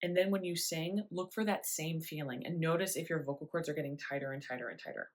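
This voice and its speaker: A young adult woman voice teacher explaining breathing in a relaxed, chatty way with little laughs. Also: deep voice, fast talker. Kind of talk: spoken singing lesson.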